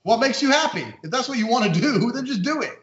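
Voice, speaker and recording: A man speaking as a podcast guest in casual conversation, a rapid storyteller who acts out the voices in his anecdotes. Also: very high-pitched, lively intonation, fairly bright tone. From American-British. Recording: echoey, slightly muffled audio.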